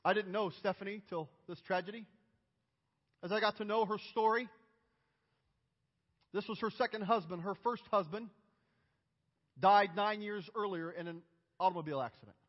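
A high-pitched male pastor delivers an emphatic sermon that swells into loud cries. His voice rings with a long hall reverb. The sound is muffled and dull. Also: steady tone, moderate pace, pauses often. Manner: emphatic, building to loud outcries.

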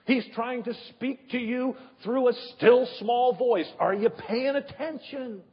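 A male pastor delivering a sermon with emphatic rhetorical questions and drawn-out pauses, his voice husky. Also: very high-pitched. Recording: dull echoey hall.

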